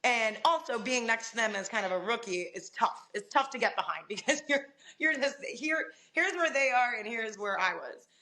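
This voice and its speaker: A young adult woman talks as a podcast guest, recounting her career in an animated, chatty way. Her voice is bright and forceful, and laughter slips in often. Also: a little high, normal speed. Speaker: guest, sports reporter. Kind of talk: casual podcast conversation.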